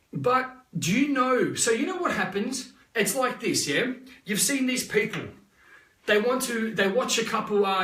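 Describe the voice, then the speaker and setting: High-voiced Australian coach, echoey and distant. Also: male voice. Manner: energetic, rambling, repeats himself, tag questions. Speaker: life coach. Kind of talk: live motivational talk. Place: live online session.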